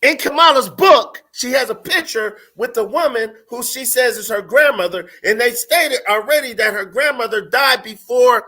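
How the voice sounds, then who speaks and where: A man's voice: very high voice, normal speed, few pauses, bright, forceful tone. A man in a heated casual debate, insistent and interrupting as he argues his point.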